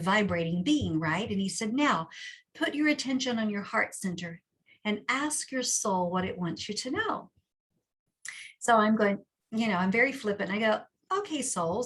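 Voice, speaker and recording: Woman guest, chatty storyteller, mid-pitched, frequent restarts and asides. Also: fairly bright tone. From Texas. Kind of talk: storytelling interview.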